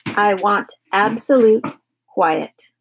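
A woman's voice: a little high, normal speed, breathy edge. A woman voicing a grumpy, fierce father who is fed up with his son in a storybook reading. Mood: stern. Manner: stern, exasperated, shouting.

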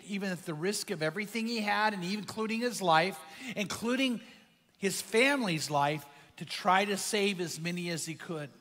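Pastor guy preaching, high bright voice, pushes hard on key words, big echoey hall. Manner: impassioned preaching, pitch and volume swinging for emphasis. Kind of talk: sermon.

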